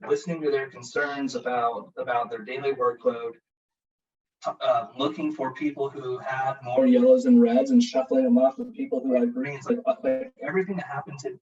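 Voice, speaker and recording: A man's voice: on the high side, mellow. A man on a video call sharing how a leadership course helped him, rambling and repeating words. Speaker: program participant. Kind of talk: casual testimonial on a video call. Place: home, siren heard outside. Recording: distant, dull video call audio.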